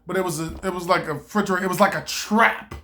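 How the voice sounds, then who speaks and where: A woman vlogger telling a casual story in an animated way, breaking into laughter and loud exclamations. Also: lowish voice, fast talker.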